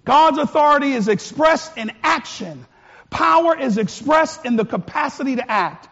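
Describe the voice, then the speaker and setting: A male pastor preaching a sermon with passion, swinging from quiet, earnest words to shouts. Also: very high-pitched, expressive, moderate pace, highs cut off.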